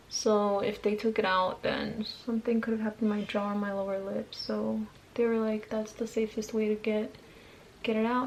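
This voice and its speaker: A woman's voice: on the high side, a little hiss or hum, rough recording. A young woman chatting casually while she does her makeup at home, rambling with lots of slang and fillers. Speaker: beauty vlogger. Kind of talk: chatty get-ready-with-me vlog. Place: home, doing makeup at a mirror.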